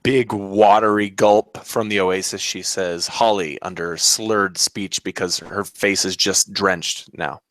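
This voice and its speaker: A man's voice: low voice, steady tone, slow pace, few pauses, fairly bright tone, no echo. A man playing a tabletop game, describing actions plainly. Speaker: player. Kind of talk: casual tabletop role-play.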